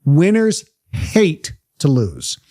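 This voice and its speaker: A motivational speaker, a man with a fairly high voice that swings widely in pitch. He talks emphatically, pressing his listeners with question after question. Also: wildly swooping pitch, very slow, dark tone. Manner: emphatic, fires rhetorical questions. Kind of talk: motivational talk to a live group.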